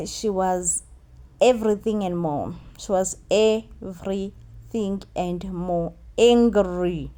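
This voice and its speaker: A woman with a South African accent giving a casual, animated recap of a TV episode, mixing in Zulu phrases and repeating lines for emphasis. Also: mid-range voice. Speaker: recap host.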